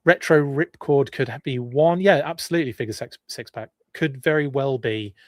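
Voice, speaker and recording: A man's voice: medium pitch, moderate pace, dry recording. Chatty well-spoken English man, dry sound. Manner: rambling and chatty, with frequent restarts and asides. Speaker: podcast host. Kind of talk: live-stream casual chat, reading viewer comments.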